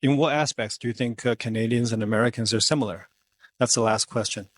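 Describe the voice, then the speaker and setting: Brisk, fast-talking male street interviewer. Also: medium pitch. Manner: brisk, prompting, echoes answers back.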